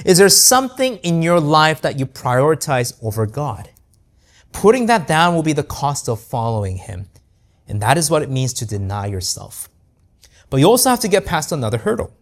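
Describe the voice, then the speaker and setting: Male pastor, sermon delivery, animated intonation, conversational tags like "right?". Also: a little high. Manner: earnest, rhetorical questions, frequent "right?" tag.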